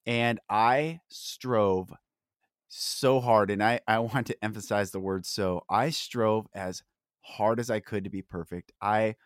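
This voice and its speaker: A man's voice: fairly low pitch, fairly even intonation, moderate pace, no room sound, clean studio sound. A man hosting a podcast, talking in an earnest, emphatic way and pressing hard on key words. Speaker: podcast host. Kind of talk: candid podcast conversation.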